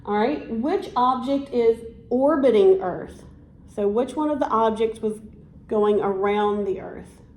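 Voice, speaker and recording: A woman teacher speaks a little slowly in a fairly high, darkish voice during one-on-one science instruction, prompting her student to repeat after her and offering encouragement and praise. It was recorded in an echoey room.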